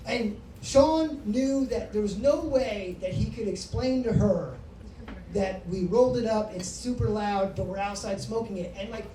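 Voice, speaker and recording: A woman in her thirties tells a stand-up story with brash, profane swagger. Her tone is mellow and soft-edged. She is heard from a distance in a roomy comedy club, with a faint hum of the room behind her. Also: fairly high pitch. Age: 30s.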